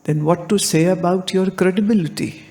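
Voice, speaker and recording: A woman giving a spiritual discourse, deliberate and full of anecdotes and rhetorical questions. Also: lowish voice, a little mellow. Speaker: spiritual teacher.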